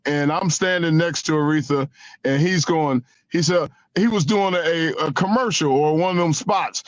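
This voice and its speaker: A man in his sixties whose speaking voice sits high for a man, telling a story on a sports radio show. He talks in an animated way, stumbles and repeats himself as he goes. The studio sound is close and dry. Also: moderate pace, dry recording. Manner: animated storyteller who stammers and repeats words. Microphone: studio microphone.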